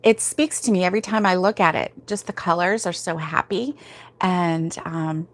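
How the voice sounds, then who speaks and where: Speaking from home at a moderate pace, this woman has a fairly low voice. She hosts a casual crochet livestream, drowsy and yawning, chatting and rambling through viewer comments with plenty of filler words and laughs.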